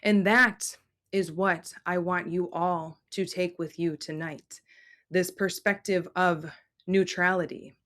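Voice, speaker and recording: A woman channeling a serene ancient Earth mother spirit, speaking in slow, measured, solemn pronouncements. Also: on the low side, steady tone, a bit bright. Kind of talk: spoken channeling.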